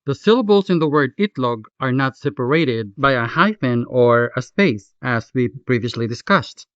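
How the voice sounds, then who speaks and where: A man teaching a language lesson in scripted narration, speaking slowly and carefully and repeating words for pronunciation. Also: medium pitch, animated, clear, resonant tone, no room sound. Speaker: language tutor. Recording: dull, dry, lo-fi voice-over.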